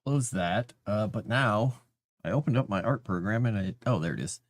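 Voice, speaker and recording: Chatty man with a lively voice. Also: fairly low pitch, normal speed, no echo. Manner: rambling, chatty, talks to his cat. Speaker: livestreamer. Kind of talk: casual livestream chat.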